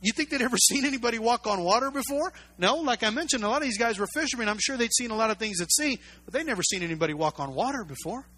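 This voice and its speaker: A pastor preaching a sermon, emphatic and repetitive, full of rhetorical questions. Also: male voice, very high voice, animated, fast talker, few pauses, pushed and bright.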